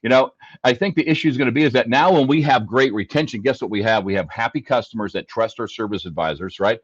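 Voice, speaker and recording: A man's voice: mid-range voice, fast, slightly rough, no room sound, muffled recording. A man on a panel discussion, a dealership service leader explaining his goals with emphatic repetition. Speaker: dealership fixed ops leader.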